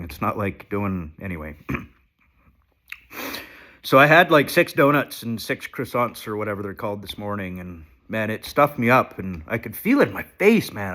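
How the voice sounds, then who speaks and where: Shaky and unwell, with congested sinuses, a man films a casual confessional vlog on a handheld phone. His voice is on the low side with a fairly bright tone. He wanders from thought to thought, cursing and mocking himself.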